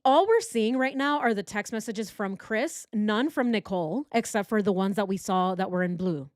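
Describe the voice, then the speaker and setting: Woman, true crime host, sarcastic, exasperated, mid-pitched voice, dry close recording. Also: normal speed, a little mellow, no room sound.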